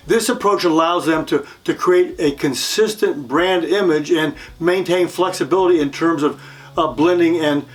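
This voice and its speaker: A man presenting a wine lesson in a friendly way, often repeating words and pausing on fillers. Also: fairly high pitch. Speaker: wine educator. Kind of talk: instructional video presentation.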